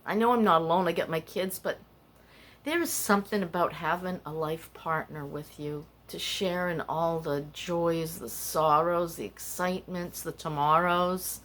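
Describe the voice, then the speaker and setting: A woman's voice: fairly low pitch, steady tone, measured pace, fairly bright tone. An older woman hosting a casual podcast, rambling and candid as she tells stories and confides her feelings. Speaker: podcast host. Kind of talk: casual personal chat.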